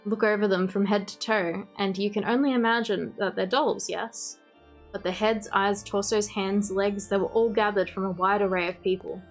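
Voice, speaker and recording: An Australian woman reading the lines of a cold, obsessive male doctor who makes dolls, in a calm, formal, softly menacing way. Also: medium pitch, moderate pace, faint music behind, lightly acted. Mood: gloating.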